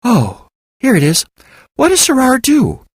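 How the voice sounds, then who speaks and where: Casting: naive office clerk, soft and sheepish, pushed up very high and lilting, voiced by a man. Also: wildly swooping pitch, unhurried, breathy edge, no room sound, studio quality, exaggerated voice. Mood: soft, curious. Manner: soft, sheepish, easily impressed. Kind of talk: audiobook character voice.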